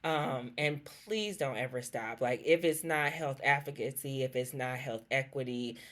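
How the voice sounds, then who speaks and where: A woman's voice: very deep voice, moderate pace, fairly bright tone. A woman hosting a podcast, gushing with emotion and close to tears as she thanks her guest. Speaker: podcast host. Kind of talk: heartfelt interview wrap-up.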